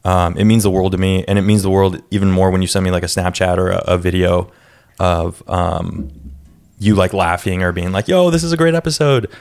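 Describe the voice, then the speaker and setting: A man's voice: low voice, completely flat delivery, moderate pace, vocal fry, a little mellow, clean tone. A man hosting a podcast from a studio, talking in a laid-back, loose way with plenty of fillers. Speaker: podcast host. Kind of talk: casual podcast chat.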